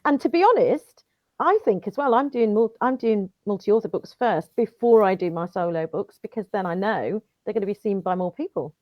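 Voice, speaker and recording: A woman's voice: mid-range voice, expressive, normal speed, dry recording, muffled recording. A woman, a guest author, talking earnestly and often repeating her words. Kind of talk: interview chat.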